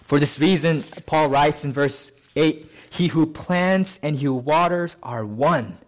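Conversational male pastor preaching a sermon. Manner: conversational, often adds "right?" to check with listeners; lifts pitch and slows to stress key phrases.

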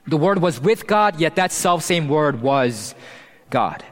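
A man's voice: a little high, lively intonation. Man preaching a sermon in a reverberant hall. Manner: earnest preaching with emphatic pauses and restarts. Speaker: pastor. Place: church hall.

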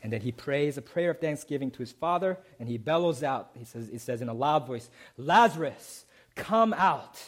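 A man preaching a sermon, who often asks the congregation "right?" and moves between emphatic climbs and soft, low passages. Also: fairly quick, few pauses. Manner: rising to emphatic peaks, then dropping soft and low. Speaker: pastor.

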